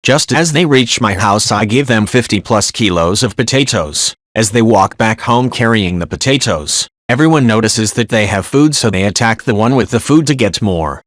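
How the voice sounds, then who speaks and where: Male narrator for forum-post readings: lowish voice, quick, dry and direct. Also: animated, a bit bright, no room sound. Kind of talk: scripted reading of online posts.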